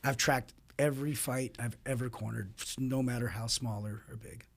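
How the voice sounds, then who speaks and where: A man, a fight coach appearing as a guest, telling stories in casual interview chat with frequent laughs and quick asides. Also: mid-range voice, vocal fry. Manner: animated storyteller, laughs often, quick asides.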